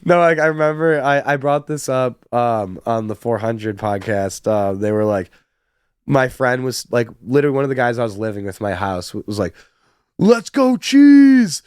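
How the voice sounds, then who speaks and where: A man's voice: medium pitch, normal speed, clear, resonant tone, no echo, clean studio sound. A man, a music producer, chatting casually on a podcast, laughing often and filling with "like". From Chicago. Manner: giggly, laughs often, many fillers.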